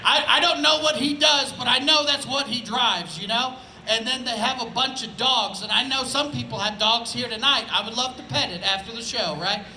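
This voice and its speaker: A comedian from Indianapolis does laid-back, conversational stand-up on an outdoor festival stage, often asking "right?" His voice is extremely high and sharp at a moderate pace, in a low-quality, echoey recording with some hiss or hum.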